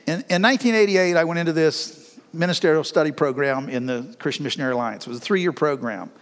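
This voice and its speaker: A middle-aged man preaching a sermon in a folksy, animated way, with laughs between his lines. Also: on the high side, fast, big-room sound. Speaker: pastor.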